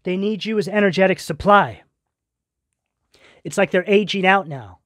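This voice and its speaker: A man's voice: high-pitched, moderate pace, a bit bright, no echo, studio quality. A man giving a tarot reading straight to his viewers, earnest and reassuring, with lots of spiritual terms. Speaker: tarot reader.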